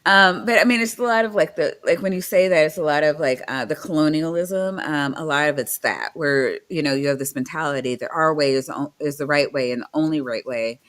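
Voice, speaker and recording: An adult guest rambling through a casual chat, voice sitting at an ordinary middle pitch. They wander off topic, restart sentences and pad them with fillers. Mild swearing drops in naturally. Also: brisk, few pauses, a bit bright. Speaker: guest on a debunking show.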